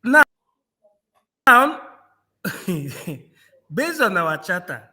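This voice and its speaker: A man's voice: very high voice, big pitch swings, drawn-out words, bright, forceful tone. A man from Nigeria in a political discussion, mocking and repeating phrases, laughing often. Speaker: panel guest.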